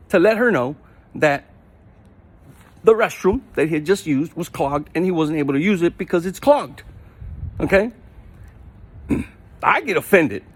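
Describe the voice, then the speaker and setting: Guy ranting on his vlog, kinda high voice, mad and repeating himself. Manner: indignant, repetitive, rising to heated outbursts. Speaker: vlogger. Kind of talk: casual ranting monologue.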